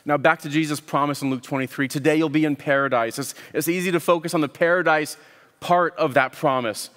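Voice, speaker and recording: A man preaches in an earnest, measured voice, pitched a little high for a man, circling back to repeat words as he lands each point. His voice carries a long reverb from a large church hall. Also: steady tone, a bit bright. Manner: earnest, with frequent word repeats and pauses. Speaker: pastor. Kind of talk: sermon.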